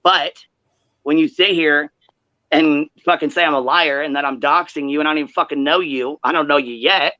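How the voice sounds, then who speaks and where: A woman hosting a livestream, telling a heated story in profane, animated detail and acting out quoted chats. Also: deep voice, normal speed, dry recording. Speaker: livestream host. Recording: dull lo-fi livestream audio.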